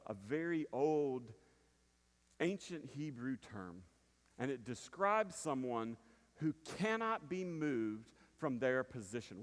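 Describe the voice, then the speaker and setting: A man preaching a conversational sermon as pastor, dropping to a hush then rising to emphatic points and checking in with the congregation. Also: medium pitch. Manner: conversational preaching with frequent "right?" asides, swinging from hushed to emphatic. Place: church sanctuary. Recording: long reverb of a church hall.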